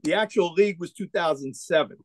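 A man in his forties telling animated stories as a podcast guest, acting out quoted dialogue. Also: on the high side, a little fast, a little hiss or hum. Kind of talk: casual storytelling interview.

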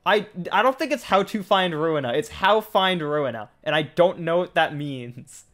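A young man streaming a game live, chatting casually, jokey and excitable, his voice jumping up when he gets indignant. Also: on the high side, moderate pace, soft background music. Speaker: VTuber streamer. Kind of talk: casual livestream chat.

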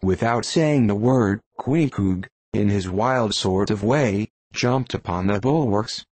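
Low-voiced man reading a novel aloud. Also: slow, a little mellow, no room sound. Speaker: audiobook reader. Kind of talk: scripted narration.

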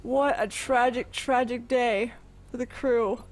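A man's voice: very high-pitched, fairly even intonation, takes it slowly, faint music behind. A man casually commenting on his video game play, chatty and swearing freely as he reacts aloud. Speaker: let's play gamer.

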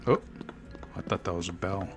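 A gaming video host gives casual let's play commentary on his own gameplay, joking and talking to game characters and to himself. His voice is low-pitched at a normal speed, with faint game music in the background.

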